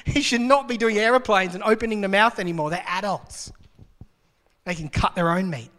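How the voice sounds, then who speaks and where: A man's voice: high voice, moderate pace, pushed and bright. A man preaching a sermon to a congregation, chatty and joking, asking rhetorical questions. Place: church hall. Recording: long reverb of a large hall.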